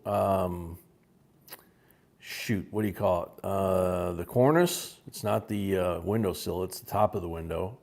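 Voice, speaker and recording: A man's voice: on the low side, takes it slowly, creaky. A man from Chicago hosting a live-streamed coin auction, chatting between calls of bidders' names and bids. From Chicago, USA.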